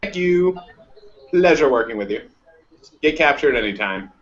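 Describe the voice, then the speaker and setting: A man playing a tabletop game makes dry jokes in a somewhat high voice. He sits away from the mic. The sound is muffled. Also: animated, moderate pace, a bit bright. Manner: dry, joking. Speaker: player. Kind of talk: casual tabletop play.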